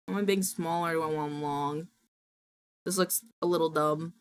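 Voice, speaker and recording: A woman's voice: low-pitched, normal speed, clean tone. A young adult woman streamer chatting casually on a live stream from home. She rants indignantly and swears freely. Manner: indignant, swearing, animated ranting.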